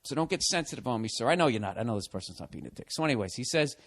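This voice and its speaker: A man's voice: mid-range voice, expressive, very fast, a bit bright. A man, a podcast host, reading out a listener email and answering it with rambling, profane sarcasm.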